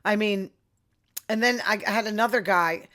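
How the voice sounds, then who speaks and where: A woman's voice: mid-range voice, normal speed, a bit bright. A middle-aged woman, hosting a casual opinion monologue with sarcastic asides. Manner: chatty, sarcastic asides, quoting others in voices. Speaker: podcast host.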